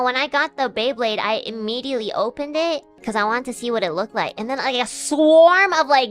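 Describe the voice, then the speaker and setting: A woman's voice: on the high side, a bit bright. A young woman streamer chatting casually and animatedly, laughing and swearing as she talks. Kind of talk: casual chat.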